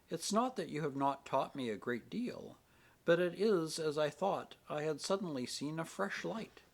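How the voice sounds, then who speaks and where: An earnest, devout young woman pleads softly but firmly, her voice husky and raised, moving through a lively melody. A man voices her in an audiobook reading. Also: a little high, pitched above the performer's own voice, heavily acted.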